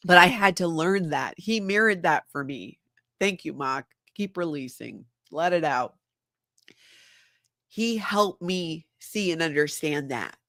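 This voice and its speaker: A woman's voice: deep voice, lively intonation, slow, long pauses, fairly bright tone, dry recording, studio quality. A woman hosting a livestream, talking in an earnest, confiding way and reading viewer comments aloud. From former member of a high-control group. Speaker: livestream host.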